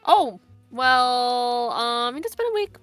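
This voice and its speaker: A woman's voice: on the high side, lively intonation, takes it slowly, fairly bright tone, clear, resonant tone, no room sound, faint music behind. A woman playing her character in a tabletop game, in a playful way. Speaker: player. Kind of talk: in-character tabletop role-play.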